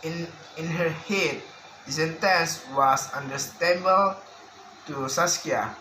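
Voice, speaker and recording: A man's voice: on the high side, slow pace, bright, forceful tone, a little hiss or hum. A young man reading a class presentation carefully, stopping now and then to restart a word. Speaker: student presenter. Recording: echoey room with faint ambience.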